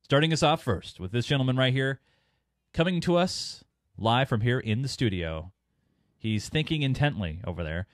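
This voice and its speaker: A man's voice: mid-range voice, animated, moderate pace, no room sound, studio quality. A man hosting a podcast, joking with his panel and laughing often. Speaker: host. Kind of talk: casual podcast chat.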